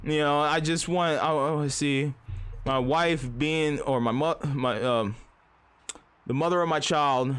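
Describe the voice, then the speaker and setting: This streamer, a man in his thirties, has a somewhat high, fairly bright voice that sounds clear and resonant, and he talks a little slowly. Chatting loosely on his livestream, he rambles, curses, and often imitates other people's voices mid-story.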